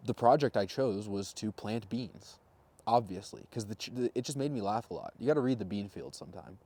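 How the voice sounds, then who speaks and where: A man in his twenties telling a rambling, self-mocking personal story in a casual vlog monologue, with deadpan jokes. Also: on the low side. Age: 20s. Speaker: vlogger.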